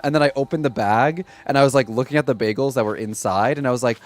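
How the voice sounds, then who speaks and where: A man's voice: mid-range voice, fast talker. Chatty young man streaming a game. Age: 20s. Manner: chatty, animated storytelling full of "like" fillers. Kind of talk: casual chat while streaming a game.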